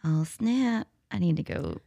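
A woman co-hosting a chat show, teasing her partner and quick to laugh. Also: lowish voice, sing-song, gravelly, warm tone, no room sound. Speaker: podcast co-host. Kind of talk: casual chat with a co-host.

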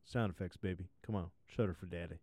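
A man's voice: low voice, steady tone, quick pace, a little mellow, dry recording, clean studio sound. A man hosting a podcast, retelling a fairy tale with crude, profane asides. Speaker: podcast host, storyteller.

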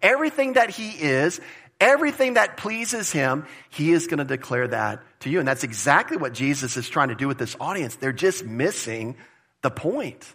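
A pastor preaching a conversational, emphatic sermon, repeating phrases for stress. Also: male voice, on the high side, lively intonation, normal speed, fairly bright tone, husky. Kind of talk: expository sermon.

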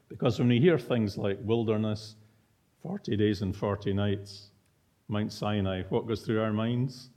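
A man's voice: fairly low pitch, mellow. A man preaching an expository sermon in a teacherly way, putting rhetorical questions to his listeners.

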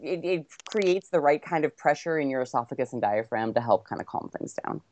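A woman guest filmmaker chatting casually on a podcast, enthusiastic and quick to laugh. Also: deep voice, lively intonation, a little mellow, dry recording.

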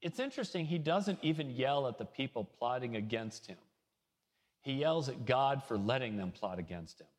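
A man's voice: medium pitch, expressive, moderate pace, in a large hall. A man preaching a conversational sermon, reading scripture with feeling and mixing in folksy asides. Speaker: pastor.

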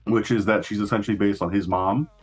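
A man's voice: on the low side, fairly even intonation, quick pace, slightly rough, faint music behind. A man chatting casually on a podcast, rambling through a story with frequent laughs and swearing. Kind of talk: casual chat.

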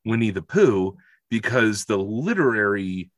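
A man co-hosting a podcast in casual chat, animated and joking, often catching and correcting himself. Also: on the low side, unhurried, dry recording. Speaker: podcast co-host.

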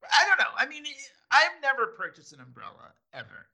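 Bright, gravelly man chatting with animated pitch. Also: a little fast. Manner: laughs often, restarts sentences. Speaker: podcast co-host. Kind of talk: casual chat recapping a TV episode.

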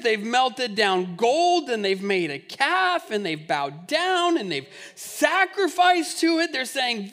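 A man in his thirties preaching a sermon in a church, animated and jokey, acting out the people in the scripture. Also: extremely high pitch, measured pace, hardly any pauses. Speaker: pastor.

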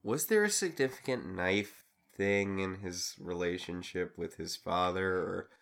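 Low-voiced man, wry and questioning. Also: measured pace, gravelly, a bit bright. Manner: wry, questioning, dry humor. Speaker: podcast co-host. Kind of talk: casual recap chat.

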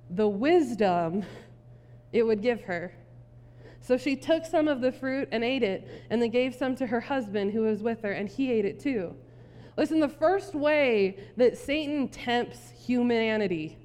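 A woman pastor giving a sermon in a conversational, animated storytelling manner. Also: high voice. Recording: long hall reverb.

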